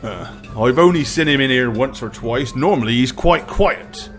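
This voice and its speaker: A man's voice: medium pitch, lively intonation, normal speed, fairly bright tone, faint music behind, voice pushed down, close to an everyday voice. A man playing a stern innkeeper. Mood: chatty. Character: gruff male innkeeper, stern but fair.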